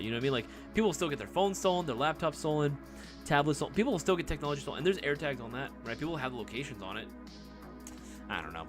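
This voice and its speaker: A man hosting a casual live stream Q&A, excitable and profane, who laughs easily. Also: medium pitch.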